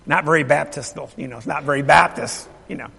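A man's voice: fairly high pitch, quick pace, creaky, pushed and bright, slightly rough. A middle-aged male pastor telling a story in a sermon, emphatic and repeating his phrases while asking the congregation questions. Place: church sanctuary. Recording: long reverb of a large hall.

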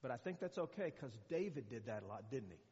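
A man's voice: medium pitch, sing-song, quick pace, warm tone. An older man giving a sermon in a loose, chatty way, often stumbling and restarting. His voice rings with a long echo through a church hall, and the recording sounds somewhat muffled. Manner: conversational, rambling with many fillers and restarts. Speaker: guest preacher.

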